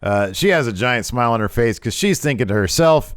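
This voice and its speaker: A man's voice: medium pitch, expressive, brisk, few pauses, clear, resonant tone, no room sound, studio quality. A young adult man giving chatty, sarcastic commentary over wrestling footage, rambling a little. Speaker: wrestling video host.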